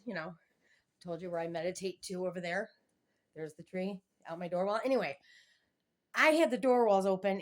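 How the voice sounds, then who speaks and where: A middle-aged woman chatting in a meandering, giggly way with many tangents, filming her home on a handheld phone. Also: on the high side. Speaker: vlogger. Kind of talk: casual rambling home vlog. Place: at home, indoors. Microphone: handheld phone camera filming the room, face off screen.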